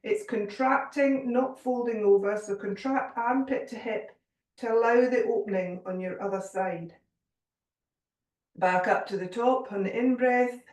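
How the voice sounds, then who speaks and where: Gentle yoga teacher woman, echoey room. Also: a little high, a little slow, distant mic. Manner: gentle, calm cueing with light humour. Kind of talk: guided yoga class instruction.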